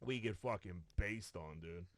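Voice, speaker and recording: A man's voice: low voice, measured pace, no echo. A man co-hosting a podcast, telling a profane story with lots of restarts and acted-out quotes. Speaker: podcast co-host. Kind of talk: casual chat. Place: podcast studio.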